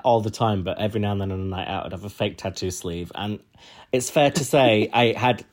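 A man's voice: lowish voice, fairly quick. A young man chatting casually as a podcast co-host, rambling and laughing often. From United Kingdom. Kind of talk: casual chat.

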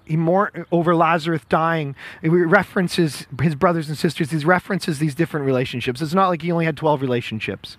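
Pastor guy, high voice, chatty rambling sermon, dry sound. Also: no echo. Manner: conversational, rambling, self-deprecating asides. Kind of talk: casual sermon.

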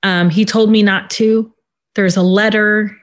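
A woman in an interview who gives a personal account in a halting, subdued way, with many pauses and fillers. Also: medium pitch, fairly even intonation. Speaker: interview guest.

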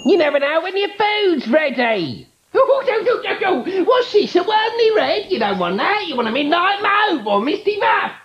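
Woman playing a shrill, fussy busybody. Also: sing-song, normal speed, a crowd in the background. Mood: bossy. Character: fussy, bossy older woman meddling in a home. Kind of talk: vintage TV advert acting. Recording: dull lo-fi old advert audio.

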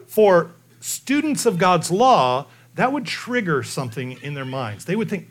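A man delivering an expository sermon in a fairly high voice. His pitch swings widely from phrase to phrase. He presses his points emphatically and drops into slow, weighty phrases for effect. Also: big pitch swings. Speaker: preacher.

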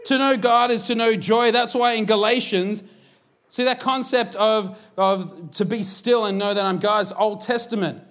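A man in his thirties, a pastor, preaching a sermon in an energetic, jokey, conversational way. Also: high-pitched, normal speed.

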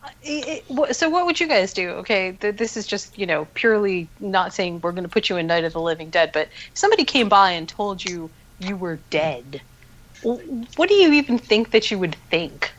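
A woman's voice: mid-range voice, animated, moderate pace, rough recording. A woman co-hosting a podcast, discussing a film casually and enthusiastically, with frequent restarts.

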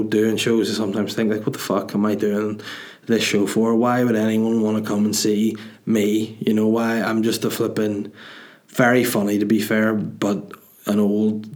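A Northern Irish man, a comedian hosting his own podcast, chats solo in a rambling, jokey, sweary way. His voice sits on the low side and is a little mellow.

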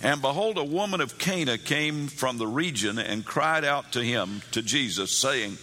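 A man's voice: mid-range voice, lively intonation, moderate pace, few pauses, sharp tone. A man preaching a sermon, telling Bible stories and acting out the characters' pleas in a raised voice. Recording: long hall reverb.

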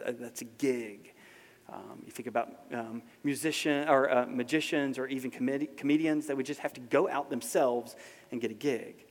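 A man preaching a sermon in a conversational way to a live congregation, often asking rhetorical questions. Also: medium pitch. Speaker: pastor. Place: large hall with a live congregation. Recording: long hall reverb.

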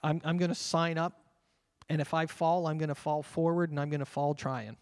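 Male pastor, high voice, earnest sermon delivery, long church-hall reverb. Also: steady tone, a little mellow. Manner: earnest preaching, slows down to read scripture aloud. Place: church sanctuary.

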